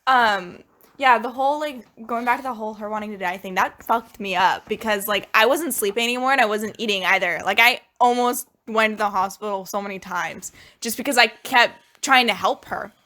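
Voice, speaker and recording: A woman's voice: medium pitch, a little fast, sharp tone. A young woman, a podcast co-host, telling a personal story in casual chat, hesitant and full of fillers.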